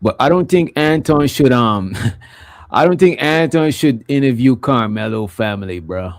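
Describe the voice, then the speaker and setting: A mid-range male voice with lively intonation comes through at studio quality with no echo, moving a little slowly. As a livestream host he rambles through casual commentary, leaning on filler phrases and repeating "you know what I'm saying."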